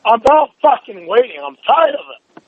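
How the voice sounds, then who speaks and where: Very high-voiced man, furious and swearing. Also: sing-song, normal speed. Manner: furious, swearing nonstop, demanding. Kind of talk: heated phone call. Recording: dull phone line recording.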